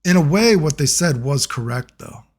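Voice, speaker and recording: A man telling a long personal story in a casual monologue, rambling and profane, getting animated when he quotes other people. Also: fairly high pitch, normal speed. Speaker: video creator.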